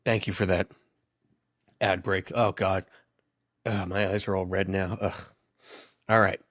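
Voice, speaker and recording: A man's voice: sits low, unhurried. A man in his thirties co-hosting a podcast, chatting casually and telling rambling, amused stories. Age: 30s. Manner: rambling storyteller, amused and animated. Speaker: podcast co-host. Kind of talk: casual chat.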